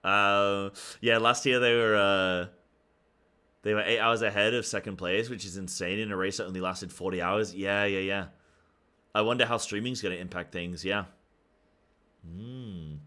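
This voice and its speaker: A man's voice: fairly low pitch, steady tone, normal speed, bright, forceful tone, clear, resonant tone. A young man streaming, chatting casually about a game and rambling in loose, filler-heavy sentences. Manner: talks in loose run-on thoughts with many fillers.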